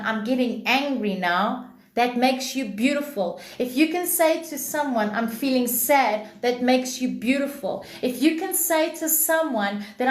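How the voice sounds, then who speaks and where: Woman, live-stream spiritual teacher, high voice, drawn-out emphatic delivery, echoey room. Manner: slow, emphatic, repeats phrases for emphasis. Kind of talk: live-stream spiritual talk answering chat.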